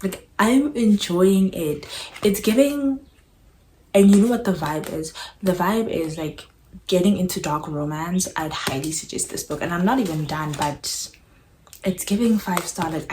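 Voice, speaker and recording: A woman's voice: on the low side, a little mellow. A young woman chatting casually to camera about a book, gushing and filling her talk with likes and ums. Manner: gushing, chatty, lots of fillers. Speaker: booktuber. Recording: echoey room with background noise.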